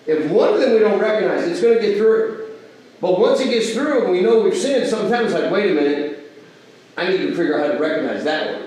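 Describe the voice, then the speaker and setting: Male Bible class teacher, higher voice, casual teaching tone, recorded far off in a very echoey hall. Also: a little mellow. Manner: asks the audience rhetorical questions; acts out everyday quoted exchanges. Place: church hall.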